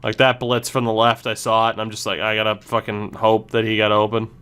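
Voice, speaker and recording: A man's voice: fairly low pitch, completely flat delivery, fairly quick, fairly bright tone, clear, resonant tone. A man commenting on his own video game play, ranting and cursing at himself after mistakes. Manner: frustrated, swearing, self-blaming rants. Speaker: gaming streamer. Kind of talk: live gameplay commentary.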